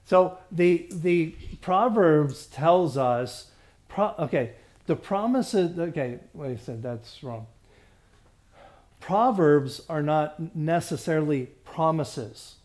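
Chatty man pastor, slightly high voice. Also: lively intonation, takes it slowly, a little mellow. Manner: conversational, many restarts, checks in with the group. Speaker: pastor leading a Bible study. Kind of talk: Bible study discussion.

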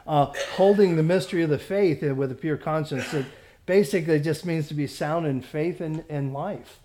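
A man teaching a Bible study as a pastor, halting with many fillers and restarts, stressing points emphatically. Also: fairly high pitch, mellow, a little hiss or hum.

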